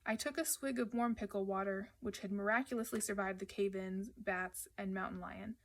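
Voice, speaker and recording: A woman reading a children's adventure novel aloud, narrating in the first person at a steady, lively pace. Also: medium pitch, normal speed. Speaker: audiobook reader. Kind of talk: children's book read aloud.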